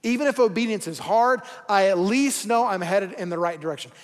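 A man's voice: sits high, expressive, brisk. A man preaching a sermon in a casual, joking way, acting out quoted voices as he goes. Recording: long hall reverb.

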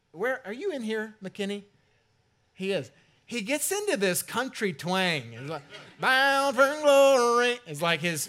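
A man's voice: on the high side, a bit bright. A man preaching a sermon as pastor, conversational with jokey asides to the congregation. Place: church sanctuary.

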